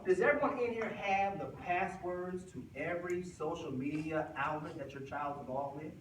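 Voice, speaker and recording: A man who works as an assistant principal gives an informal, animated talk to a group of parents and acts out the voices of the people in his stories. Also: fairly high pitch, moderate pace. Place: room with an audience. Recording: echoey room recorded from a distance, noisy.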